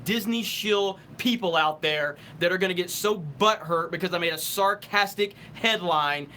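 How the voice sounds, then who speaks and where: High, bright-voiced ranting male streamer. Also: moderate pace, slight background noise. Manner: heated, ranting, profane; stumbling restarts when thinking. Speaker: live stream host. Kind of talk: casual live stream chat reading super chats.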